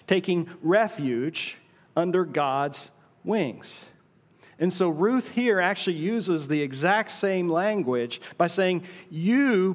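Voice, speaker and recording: A middle-aged male pastor preaching a sermon in a church auditorium, telling the story with dramatic pauses and hushed asides. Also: on the high side. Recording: long hall reverb.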